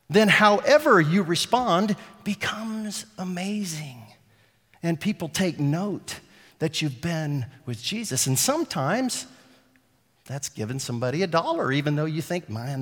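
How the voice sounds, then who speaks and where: A man preaching a sermon as a pastor, telling a story and acting out the lines of the people in it, getting louder and quieter as he goes. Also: high-pitched, big-room sound. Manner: animated, acts out quotes with shifting volume.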